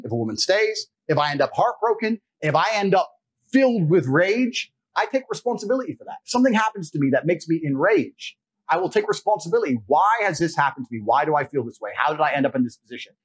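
A man's voice: high voice, very animated, quick pace, slightly rough. A man giving a blunt, profane, lecturing monologue as a podcast guest. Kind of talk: forceful monologue.

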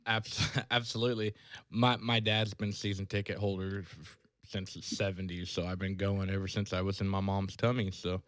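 A man's voice: deep voice, flat delivery, normal speed, a bit bright. A man hosting a podcast who chats casually, laughs easily and keeps up a friendly banter with his guest. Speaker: podcast host. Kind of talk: casual chat.

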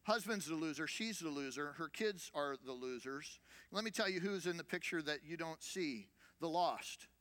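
A man's voice: a little high, lively intonation, moderate pace, fairly bright tone. A man preaching as a senior pastor, conversational, with rhetorical questions and repeated phrases. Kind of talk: sermon.

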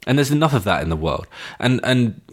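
A man of Indian background co-hosting a podcast, talking thoughtfully and often pausing to find his words. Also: medium pitch, sing-song. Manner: thoughtful, searching for words, restarts. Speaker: podcast co-host. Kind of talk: casual music discussion.

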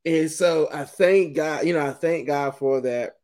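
A middle-aged man hosting a podcast and talking through a rambling, animated, casual monologue, often laughing. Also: a little high, unhurried. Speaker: podcast host.

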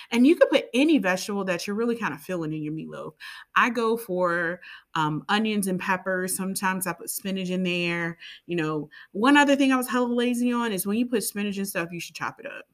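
A woman's voice: medium pitch, a little fast, fairly bright tone. A woman co-hosting a podcast in a casual, chatty way, rambling into side tangents and playful asides. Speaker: podcast co-host. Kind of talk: casual chat.

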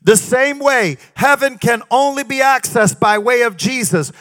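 A man's voice: extremely high pitch, a little slow, a bit bright, soft background music. A man preaching a sermon in a sing-song cadence, breaking often into exclamations of praise.

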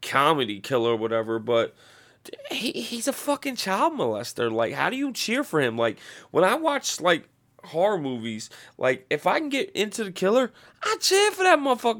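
A man holds forth on a casual podcast, cursing freely as he rambles from point to point. His voice sits a little high for a man and leaps around with lively energy. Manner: rambling, heavy swearing, animated. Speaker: podcast host. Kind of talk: casual profane rant.

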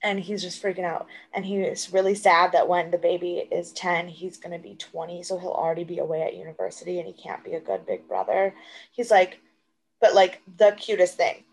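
A woman's voice: lowish voice, a little fast, low-quality recording. A young woman co-hosting a casual podcast, chatting and telling stories with lots of fillers. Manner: chatty storyteller, many fillers. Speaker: podcast co-host. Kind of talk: casual chat.

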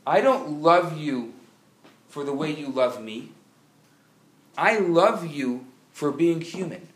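A man's voice: sits high, reverberant. A man giving an inspirational sermon at a convention, telling a story with frequent restarts and building to emphatic appeals. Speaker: speaker at a religious convention.

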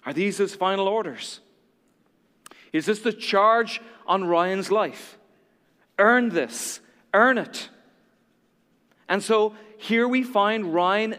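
A male pastor preaching in a church with a notably high, light voice. His delivery is dramatic storytelling that sinks to hushed lows and climbs to emphatic highs, and a long reverb trails each phrase. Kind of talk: sermon.

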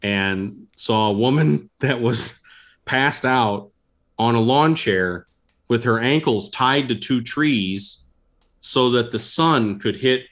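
Guy telling wild stories, laughing a lot, medium pitched voice, easygoing. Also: slow. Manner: animated, laughs through stories. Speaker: guest. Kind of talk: casual storytelling.

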